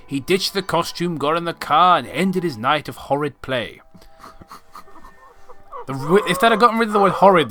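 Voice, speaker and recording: A man's voice: fairly high pitch, pushed and bright. A man reading a rhyming horror story aloud in a mock-dramatic way, sarcastically picking at the writing. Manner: sarcastic, mocking the text. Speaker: reader of the story.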